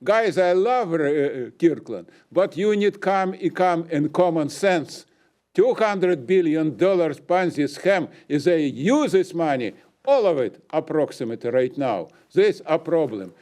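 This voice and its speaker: A man's voice: fairly high pitch, expressive, unhurried, darkish tone. An older man whose first language is not English, giving an emphatic, ranting public comment at a city council meeting in broken English.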